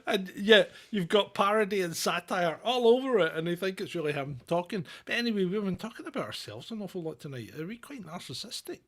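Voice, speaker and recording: A man's voice: sits high, expressive, fairly quick, hardly any pauses. A man from Britain co-hosting a casual comedy chat show, mocking and irreverent, often laughing. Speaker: podcast co-host.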